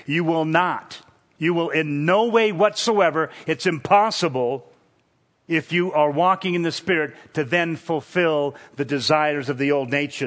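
A man preaching an expository sermon, teaching verse by verse in a measured, emphatic way. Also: fairly high pitch, fairly bright tone.

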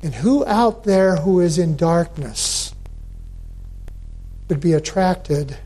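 Slow, deliberate male preacher. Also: a little high, expressive, mellow. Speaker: pastor. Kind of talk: sermon.

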